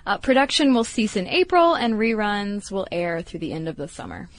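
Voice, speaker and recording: Lively, teasing woman co-host. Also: mid-range voice, normal speed. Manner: playful, teasing, self-described cynic. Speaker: podcast co-host. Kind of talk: casual chat.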